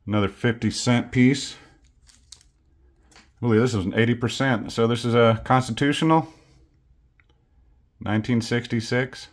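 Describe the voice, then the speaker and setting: A man's voice: medium pitch, normal speed, pauses often. A man, casually chatting through a coin unboxing vlog in an easygoing, self-deprecating way. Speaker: coin collecting channel host.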